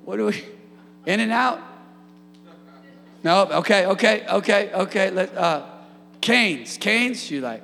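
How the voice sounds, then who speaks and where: A man preaching a sermon as pastor, energetic with humorous asides and building to shouted peaks. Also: high voice, slow, gravelly, pauses often, long reverb tail, faint music behind. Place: church sanctuary.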